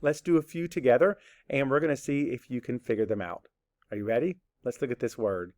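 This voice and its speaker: A man teaches a children's phonics lesson at an ordinary, mid-range pitch. He is patient and encouraging, and he talks straight to young viewers as though they sit in front of him. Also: a little fast, a little mellow.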